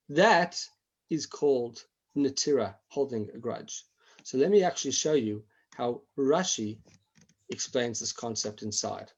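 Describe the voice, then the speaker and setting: A man's voice: medium pitch, animated, measured pace, husky, dull audio. A man teaching a Torah class online, acting out examples and often restarting his sentences.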